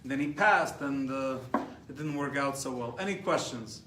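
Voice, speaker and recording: A man with an American accent, a rabbi giving a lively class and taking questions, animated and repeating words as he gets going. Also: mid-range voice, moderate pace. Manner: animated, repeats words when excited, laughs at his own stories. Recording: echoey room, mic at a distance, faint hiss.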